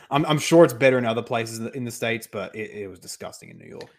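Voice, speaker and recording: A young Australian man with an Australian accent, chatting casually and giving quick, opinionated takes. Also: medium pitch, expressive. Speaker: guest. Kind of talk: casual chat.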